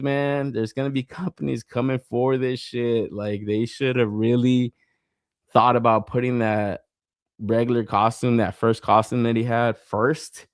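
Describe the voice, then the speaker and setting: A man's voice: medium pitch, no echo, studio quality. A man hosting a podcast in casual chat, rambling and swearing a lot, with plenty of fillers and frequent laughs. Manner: rambling, profane, with lots of fillers; laughs often while talking. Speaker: podcast host. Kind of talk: casual chat reading live comments.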